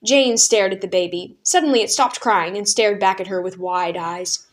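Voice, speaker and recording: A woman narrating a children's book aloud as a storyteller, calm and even. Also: medium pitch, normal speed.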